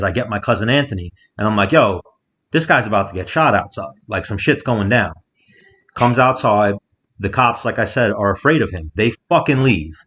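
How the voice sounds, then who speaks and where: A man co-hosting a podcast, telling a story in casual chat and loudly acting out the people in it. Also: mid-range voice, dull audio. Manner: animated storyteller, acts out quotes loudly. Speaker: podcast co-host. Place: rented house, remote call.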